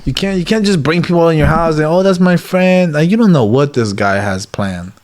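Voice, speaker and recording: Animated man telling street stories. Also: fairly high pitch, brisk. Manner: animated, acts out others' voices, frequent "like" and "you get what I'm saying". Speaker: interview guest. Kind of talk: casual storytelling interview.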